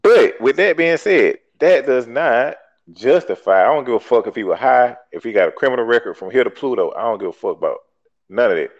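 A man's voice: medium pitch, expressive, a little fast. A talk show host, arguing emphatically and bluntly, swearing and repeating himself to make his point. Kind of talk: heated call-in debate. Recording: dull lo-fi podcast audio.

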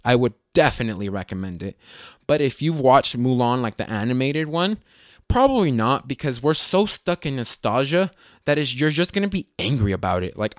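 A man from Las Vegas hosting a casual podcast, telling stories in a rambling, self-correcting way with sudden lively jumps in pitch. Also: dry recording, studio quality. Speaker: podcast host. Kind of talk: casual solo podcast storytelling.

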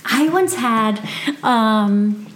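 A woman who works as a massage therapist, chatting casually and telling lively stories from work, acting out what people said. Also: a little high, drawn-out words. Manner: animated storyteller, acts out quotes. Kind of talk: casual podcast chat. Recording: echoey room.

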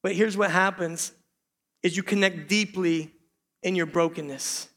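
A middle-aged man preaches to his congregation in an earnest, personal way, dropping self-deprecating jokes and calling out "church" again and again. His voice sits high and bright. The sound carries a long reverb from a church hall. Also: steady tone, a little slow. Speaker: pastor. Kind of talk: sermon. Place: church sanctuary.

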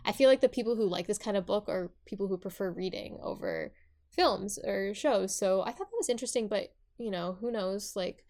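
A woman's voice: medium pitch, a little fast, darkish tone. Chatty young woman, lots of fillers. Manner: chatty, many fillers and restarts. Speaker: podcast co-host. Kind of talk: casual chat about a book and its series.

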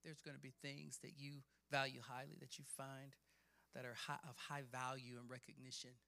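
A man preaching a sermon, reading scripture with dramatic emphasis and building from quiet passages to shouting. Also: medium pitch, flat delivery, normal speed, gravelly. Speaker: pastor.

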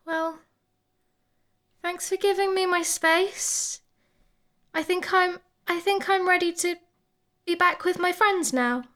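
Binky, a woman doing a shy high heroine. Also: slow, pauses often, fairly bright tone, exaggerated voice. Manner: shy, hesitant. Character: timid young female adventurer.

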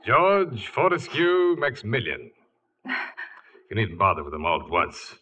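A curt, low-voiced rich widower. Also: male voice, huge pitch swings, a little slow, pushed and bright, exaggerated voice. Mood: teasing. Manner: curt, commanding, dry teasing. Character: brusque wealthy widower, curt and dry. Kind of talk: 1940s radio drama acting. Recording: dull old radio recording with faint hiss.

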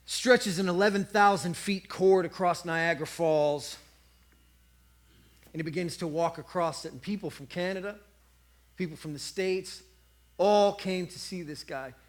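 A man with a high-pitched voice delivers a sermon. He tells his story with animated energy and briefly acts out the voices of a cheering crowd. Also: unhurried. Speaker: preacher.

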